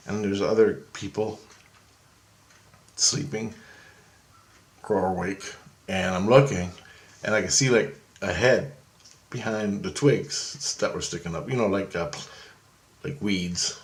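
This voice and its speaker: A man telling a story in casual, rambling style, growing excited and swearing freely. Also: deep voice, slow pace, pauses often. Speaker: vlogger.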